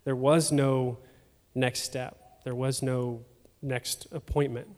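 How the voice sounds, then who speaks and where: Guy telling his story in church, halting and emotional, lots of uhs, voice ringing around a big hall. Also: medium pitch, little pitch movement, a little mellow. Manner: emotional, halting, with fillers and repeats. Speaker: church member sharing testimony. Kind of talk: personal testimony in a church service. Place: church sanctuary. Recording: long hall reverb.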